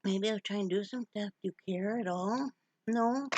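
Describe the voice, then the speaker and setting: A woman's voice: mid-range voice, moderate pace, background noise. A middle-aged woman from Wyoming chatting casually in a home vlog, laughing often and cooing to her dog. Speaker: vlogger.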